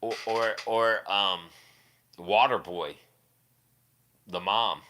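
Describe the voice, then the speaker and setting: A man chatting casually on his live stream and answering viewers in a rambling, crude way, with quick laughs and many restarts. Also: fairly low pitch, sharp tone, slight background noise.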